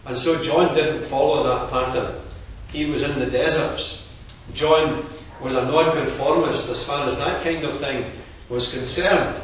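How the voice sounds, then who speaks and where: A man delivers a sermon in a measured, earnest way, explaining the text point by point. His voice sits at an everyday pitch and carries a heavy echo. It sounds recorded from a distance in a large hall, with faint room noise underneath. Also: steady tone. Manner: measured, earnest expository preaching. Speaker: preacher.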